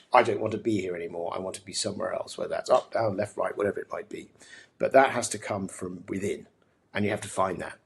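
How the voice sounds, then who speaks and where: Husky-voiced posh English man, earnest. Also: fairly low pitch, a little mellow. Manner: thoughtful, many restarts and fillers, earnest. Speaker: podcast guest, mental health advocate. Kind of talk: reflective conversational interview.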